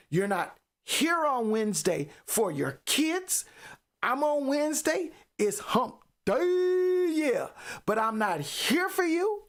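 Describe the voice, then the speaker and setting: A woman's voice: fairly high pitch, fairly bright tone. A woman hosting a live motivational faith talk, emphatic and preachy, repeating phrases for effect. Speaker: podcast host.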